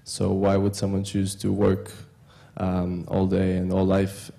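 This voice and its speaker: A man in the audience asking a measured, two-part question from the floor, pausing as he goes. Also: sits low, monotone, gravelly, mellow.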